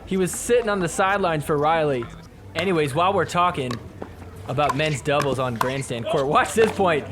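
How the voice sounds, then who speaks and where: A man hosting a podcast who gives excitable, joking recap commentary over match clips and swears freely. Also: on the high side, normal speed. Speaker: podcast host.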